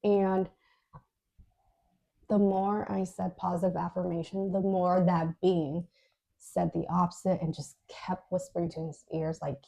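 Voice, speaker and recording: Chatty woman cohost telling a dream story, gravelly voice, kinda low. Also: level tone, unhurried, dark tone. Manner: recounts a dream in a chatty way, full of "like" and fillers. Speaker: podcast co-host. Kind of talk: casual storytelling.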